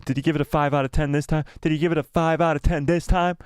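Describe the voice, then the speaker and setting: A man hosting a live watch-party stream, chatting excitedly, exclaiming and repeating himself. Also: on the high side, fast, clear, resonant tone, dry recording, studio quality. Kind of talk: live watch-party chat, reading viewer comments.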